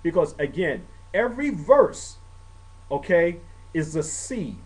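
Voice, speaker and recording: A man's voice: on the high side, sing-song, slow pace, a little mellow, low-quality recording. A man preaching a conversational sermon, checking in with the congregation and rising in emphasis on key points. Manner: conversational, frequent "okay" check-ins, rises when emphatic. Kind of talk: sermon teaching.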